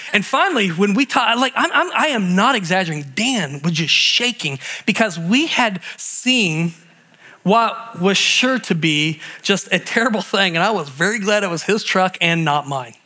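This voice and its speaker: Bright-voiced, high-pitched male pastor preaching. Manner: animated storytelling, many restarts and repeated words. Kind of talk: sermon.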